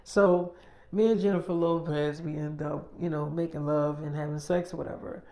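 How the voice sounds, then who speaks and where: A man's voice: on the high side, fairly even intonation, normal speed, a little mellow. A man telling a casual made-up story in a rambling, slangy way full of fillers.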